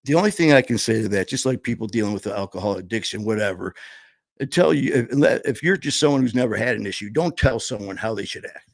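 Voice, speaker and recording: A man telling a personal story, candid and blunt, swearing freely and pausing often. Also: on the low side, gravelly, no room sound. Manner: halting, full of fillers and restarts.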